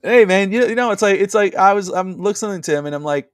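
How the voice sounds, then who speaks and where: A man's voice: high voice, fast talker, clear, resonant tone, no echo. Rambling man on a dry video call. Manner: rambling, with many fillers and restarts. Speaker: podcast co-host. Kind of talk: casual wrestling talk over a video call.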